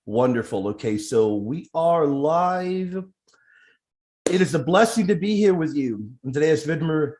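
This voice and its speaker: Higher-voiced man hosting a live interview. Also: animated, unhurried, darkish tone. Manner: effusive, heavy praise. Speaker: interview host.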